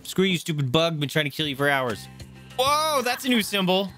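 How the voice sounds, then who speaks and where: Excitable young man narrating gameplay. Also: fairly high pitch, normal speed. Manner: excitable, yelps and swears while playing. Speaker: gamer. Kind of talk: let's play commentary. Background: loud game music.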